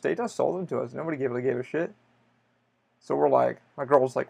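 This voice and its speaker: A man talks alone into a podcast microphone, telling a story in a loose, rambling way and swearing freely. His voice has a gravelly rasp at a middling pitch. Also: normal speed, pauses often. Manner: swears a lot, rambling and animated. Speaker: podcast host. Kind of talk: casual solo podcast storytelling.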